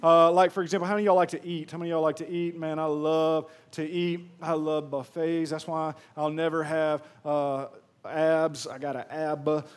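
A man's voice: fairly high pitch, flat delivery, moderate pace, clean tone. A man from Mississippi with a Southern accent, a pastor preaching a sermon in a chatty, joking way and talking straight to the congregation. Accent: Southern American. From Pearl, Mississippi. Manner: jokey, chatty, addresses the crowd directly.

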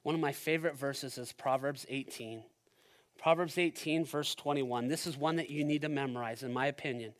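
A male pastor preaching a sermon at a church service, talking straight to the congregation and swinging from loud, driving passages to hushed ones. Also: medium pitch, steady tone, normal speed. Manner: addresses the congregation directly.

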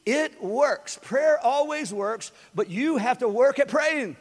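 A man with a high, light voice preaches to a congregation and keeps it conversational. He hammers his key lines by repeating them. The sound carries a long hall reverb. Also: lively intonation, takes it slowly. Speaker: pastor. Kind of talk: sermon.

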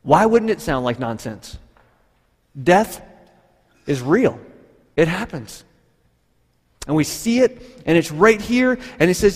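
A man preaching a sermon, telling the story with animated energy and acting out the people in it. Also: sits high, slow, pauses often, husky, long reverb tail. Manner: animated storytelling, acts out voices. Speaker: pastor.

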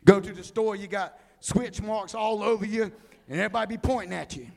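A man preaching a humorous sermon, telling animated stories and acting out the people in them. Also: high voice, brisk, vocal fry. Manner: animated storytelling, acts out people.

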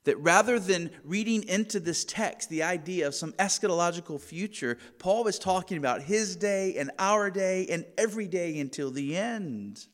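A man delivers an expository sermon in a slightly raised voice, pressing on key words with earnest emphasis. His voice rings out with a long reverb, as if heard in a large church sanctuary. The delivery is deliberate and teaching-focused. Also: sits high, expressive. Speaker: preacher.

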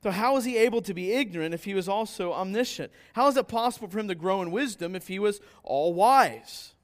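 A man with a fairly high voice preaching a sermon. He talks conversationally, with restarts and asides, and jumps higher in pitch when he acts out characters in his stories. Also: expressive, fairly quick. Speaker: pastor.

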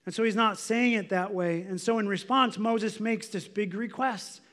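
A man's voice: sits high, moderate pace, a bit bright. A man preaching a sermon as a pastor, in a conversational way, often saying "like" as he explains. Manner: conversational, filler "like".

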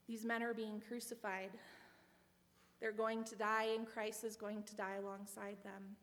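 A woman's voice: medium pitch, flat delivery, moderate pace. A woman giving a sermon, earnest and reflective, with a personal story. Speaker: preacher. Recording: long hall reverb.

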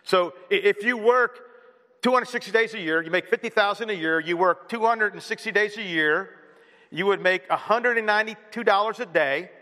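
A man's voice: high voice, moderate pace, bright, forceful tone. A man preaching a sermon as pastor, earnest, with many rhetorical questions. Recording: long hall reverb.

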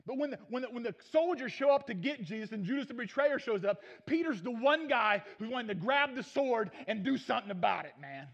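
High-voiced preacher, dull recording. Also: male voice, animated, brisk, vocal fry, few pauses. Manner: storytelling, acts out Bible characters in folksy voices. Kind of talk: sermon.

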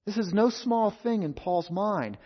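Male preacher, high-pitched, deliberate emphatic delivery; muffled lo-fi recording. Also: expressive, breathy edge. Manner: measured, emphatic, repeats key phrases. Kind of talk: expository sermon. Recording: dull lo-fi sound.

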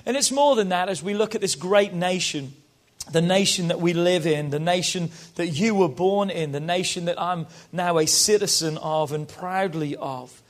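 British man, pastor, high voice, rousing sermon, call-and-response with the congregation. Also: normal speed. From Britain. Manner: rousing, calls the congregation to repeat after him.

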